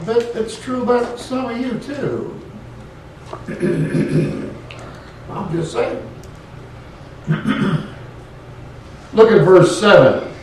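A man's voice: on the high side, slight background noise. A man preaching a sermon in a folksy way, rising to emphatic points. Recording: echoey room, voice from far off.

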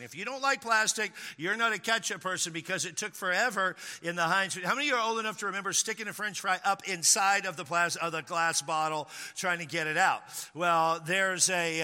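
A man's voice: high-pitched, sharp tone, clear, resonant tone. A man preaching a sermon as pastor, chatty and storytelling, who acts out quoted people along the way. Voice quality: conversational, storytelling with acted quotes. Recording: long hall reverb.

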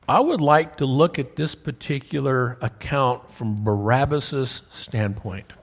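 Pastor, male, husky voice, storytelling sermon, keeps checking in with the congregation. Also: medium pitch, unhurried. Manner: storytelling, checks in with listeners often. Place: church sanctuary. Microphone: wears a clip-on mic.

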